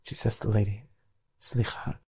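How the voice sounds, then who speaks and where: A man, a rabbi, telling a story in an animated way and acting out the characters. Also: medium pitch, brisk. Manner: animated, acts out characters' voices. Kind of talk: storytelling talk.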